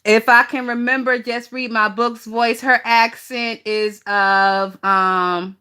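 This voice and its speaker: Woman, gossip streamer, bright and punchy voice, swears freely, laughs a lot. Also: fairly high pitch, fairly even intonation, slow pace, clean tone. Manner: chatty, profane, laughs often, talks to chat. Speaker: gossip channel host. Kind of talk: casual livestream gossip chat.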